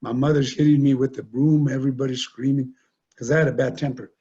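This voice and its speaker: An older man, a guest speaker, telling personal stories in an animated way with many fillers. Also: mid-range voice, fast, slightly rough. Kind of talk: storytelling talk. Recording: dull lo-fi recording.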